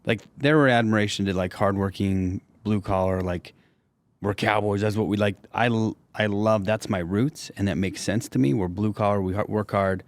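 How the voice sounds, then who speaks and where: A man's voice: lowish voice, fairly even intonation, moderate pace, dry recording. A man hosting a podcast in casual chat, laid-back and peppering his talk with "dude" and "like".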